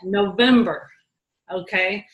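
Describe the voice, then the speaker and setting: A woman's voice: mid-range voice, slow pace, highs cut off. Chatty woman in an echoey room. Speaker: team leader. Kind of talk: casual team talk.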